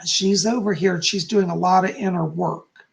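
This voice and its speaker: A man's voice: sits high, steady tone, normal speed, vocal fry. A man hosting a live stream as a psychic, relaying spirit messages to viewers by name while losing his voice.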